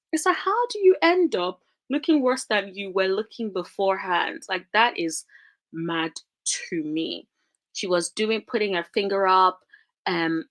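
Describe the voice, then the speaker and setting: A young woman giving casual, rambling reality TV commentary, talking straight to her viewers with animated, dramatic exclamations. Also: mid-range voice.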